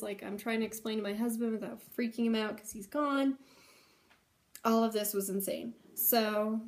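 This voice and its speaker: A woman's voice: medium pitch, a little mellow. A young adult woman telling a personal story at home in an earnest, chatty way, full of "like" and "um". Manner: chatty, heavy use of "like" and "um"; earnest, emotional retelling. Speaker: vlogger sharing a personal story.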